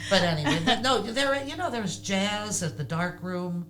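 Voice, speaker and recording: An older woman telling stories in a casual interview, animated and laughing often. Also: medium pitch, normal speed, a crowd in the background. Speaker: podcast guest.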